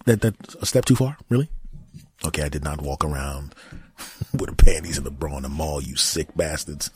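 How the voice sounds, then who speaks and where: Deep husky guy rambling and cracking crude jokes on his podcast. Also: normal speed, no echo. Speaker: podcast host. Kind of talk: casual comedic monologue.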